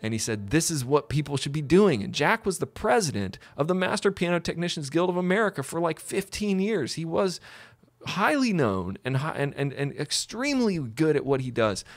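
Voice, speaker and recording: A man who is a piano technician and tuning mentor, telling a story in a casual, animated sales pitch, often repeating his words. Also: normal speed, dry recording. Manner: animated, repeats words, acts out quoted voices.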